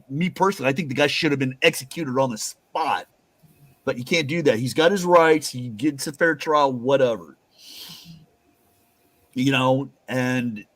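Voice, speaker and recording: A man's voice: medium pitch, dry recording. A man hosting a casual talk show, rambling and swearing with emphatic asides. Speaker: host. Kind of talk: casual chat.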